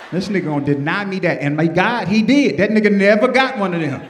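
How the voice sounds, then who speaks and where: A man in his fifties doing a loud, animated stand-up comedy set on stage, swearing freely as he tells stories. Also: high-pitched, brisk, few pauses, slight background noise. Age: 50s. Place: comedy stage before a live audience. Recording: roomy venue sound with faint audience.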